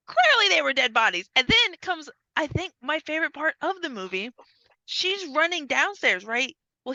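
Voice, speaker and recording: Animated, foul-mouthed podcast woman. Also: high voice, no room sound, muffled recording. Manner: animated, profane, acts out scenes in voices. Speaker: podcast co-host. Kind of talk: casual chat recapping a movie.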